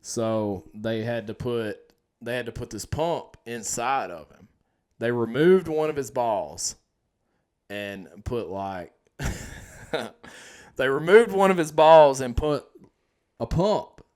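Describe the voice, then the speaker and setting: A man's voice: mid-range voice, animated, slow pace, a little mellow. A man co-hosting a crude casual chat, profane and joking, egging his partner on. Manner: profane, joking, eggs on the other host. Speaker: podcast co-host.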